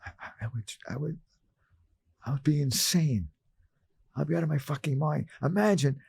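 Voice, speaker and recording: An older man from Brooklyn talks through his past as a podcast guest. His voice is dark and slightly husky, recorded close and dry. He keeps acting out his old self, jumping into higher voices. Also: normal speed, long pauses, no room sound. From Brooklyn, New York. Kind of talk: storytelling in conversation.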